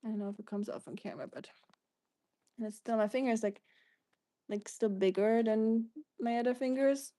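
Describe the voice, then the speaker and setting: A woman's voice: fairly high pitch, fairly even intonation, moderate pace, long pauses, warm tone, dry recording. A woman from Germany with a German accent, hosting a casual livestream and chatting through viewer comments in a rambling way. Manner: chatty, rambling, reads out comments and answers them. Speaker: livestream host.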